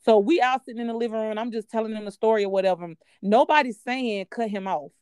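A woman co-hosting a podcast, telling a personal story in a candid, profane and animated way. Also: a little high, quick pace, clean tone, dry recording, studio quality. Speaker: podcast co-host. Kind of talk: casual storytelling chat.

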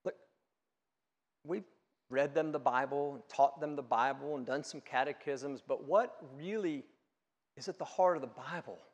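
A middle-aged male pastor preaching a sermon, emphatic and swinging between hushed and loud delivery. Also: mid-range voice, moderate pace, pauses often, big-room sound.

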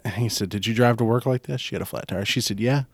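A man co-hosting a podcast in casual chat, teasing his co-host with quiet, dry remarks. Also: medium pitch, fast talker, gravelly, slightly rough, dry recording.

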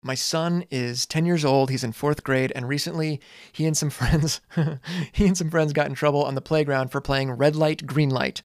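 A man in his forties, a teacher and parent, talking earnestly and casually with dramatic pauses and some swearing. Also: a little high, steady tone, no room sound, clean studio sound. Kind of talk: reflective monologue.

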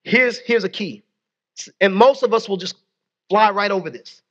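A man with a strikingly high voice preaches to his congregation, prompting call-and-response and slipping into folksy asides. The recording sounds dull and lo-fi. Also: moderate pace, a bit bright. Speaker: pastor. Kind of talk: sermon.

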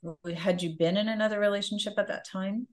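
Calm woman coach giving a spiritual reading. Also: mid-range voice, a little fast. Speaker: life coach guest.

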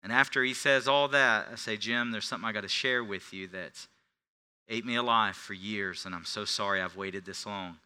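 Bright-voiced preacher, hushed to shouting. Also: male voice, on the low side, normal speed, smooth. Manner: swings from hushed confession to loud preaching. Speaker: pastor. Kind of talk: sermon.

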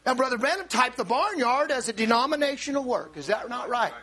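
A man preaching a sermon in an animated, storytelling way, repeating words and bursting into shouts for emphasis. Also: very high-pitched, brisk.

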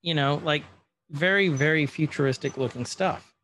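A man's voice: a little high, moderate pace, fairly bright tone, slight background noise. A man chatting casually as he recaps a show, acting out quotes of the dialogue.

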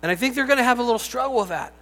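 A man's voice: very high-pitched, animated, racing, bright, forceful tone. A man preaching a sermon in a conversational, joking way, breaking into emphatic bursts. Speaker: pastor. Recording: long hall reverb, faint music.

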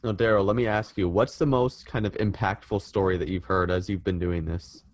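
A man's voice: sits low, fairly even intonation, brisk, dry recording. A man hosting a podcast, asking brief, friendly interview questions. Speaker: podcast host. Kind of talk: casual interview.

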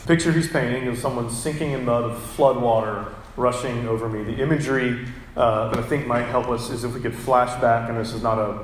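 A man preaching a sermon as pastor, earnest, reading scripture aloud with measured pauses. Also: medium pitch, reverberant, slight background noise, poor audio.

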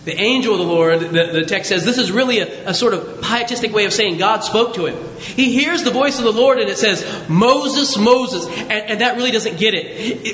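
High-voiced male preacher in echoey hall. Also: moderate pace. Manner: lively storytelling with jokes and asides. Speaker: pastor. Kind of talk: sermon. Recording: echoey hall, faint rumble.

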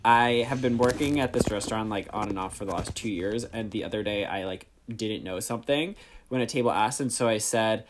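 A man's voice: lowish voice, fairly quick, background noise. A young man hosting a podcast, telling casual stories with swearing and laughs. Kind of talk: casual chat.

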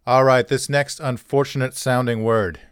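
A man's voice: mid-range voice, steady tone, normal speed, smooth, no echo, clean studio sound. A man hosting a pronunciation channel, talking casually with wry, offhand jokes and self-mocking asides. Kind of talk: casual talk-through with jokes.

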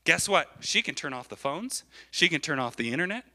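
A man preaching a sermon as a pastor in church, animated and repetitive, often checking in with his listeners. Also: fairly high pitch, brisk. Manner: animated, repeats phrases, keeps asking the crowd "right?".

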